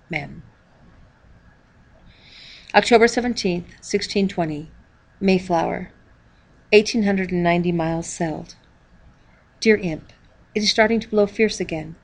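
A woman reading a diary-style children's book aloud, calling out the page numbers as she goes. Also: fairly low pitch. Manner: reads page numbers aloud, measured storytelling. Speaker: reader.

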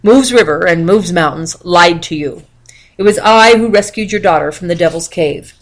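A woman reading aloud, voicing a brave young man who speaks loudly and proudly. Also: fairly low pitch, normal speed. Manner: loud, declaiming. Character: brave young male hero, bold.

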